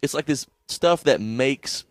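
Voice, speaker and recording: A man's voice: medium pitch, measured pace, no echo, studio quality. A man co-hosting a casual comedy podcast, telling a story in a profane, laughing way. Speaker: podcast co-host.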